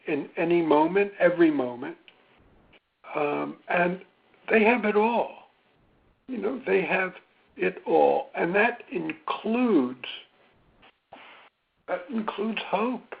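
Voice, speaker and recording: Slow, gravelly man on a phone line. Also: a little high. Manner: gentle, reflective, with many ums. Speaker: psychologist webinar speaker. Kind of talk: slow, thoughtful webinar talk. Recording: tinny phone-line sound.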